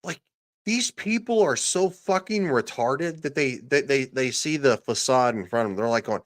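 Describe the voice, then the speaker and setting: A man's voice: medium pitch, lively intonation, moderate pace. A man delivering a ranting reaction commentary, sarcastic, profane and mocking. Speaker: political commentator.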